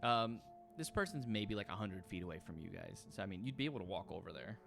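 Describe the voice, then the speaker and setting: Low gravelly game master narrating. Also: male voice, big pitch swings, fast, music in the background. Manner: loose, filler-heavy narration.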